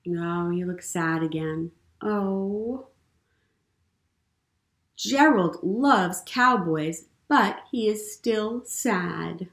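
A woman leading a storytime for young children as a librarian, gentle and encouraging, often asking the kids questions. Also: mid-range voice, extremely slow. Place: public library program room. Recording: roomy room echo.

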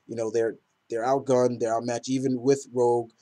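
A man's voice: medium pitch, flat delivery, normal speed, dark tone. A man casually reviewing comic books in a rambling, enthusiastic way with many fillers.

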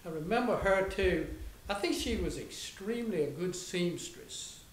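A man playing a wealthy eighteenth-century plantation owner who reminisces fondly, with sighing exclamations and halting restarts. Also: expressive. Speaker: historical reenactor. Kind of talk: historical reenactment dialogue. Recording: roomy with faint low rumble.

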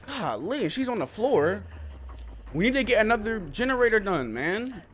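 A young man giving live, excitable commentary on his own gameplay, swearing often and calling everyone bro. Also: high voice, moderate pace. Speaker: gameplay streamer.

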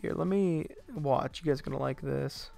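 A young man streaming a game live, giving excitable commentary full of profane trash talk. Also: on the high side, normal speed, vocal fry, faint music behind.

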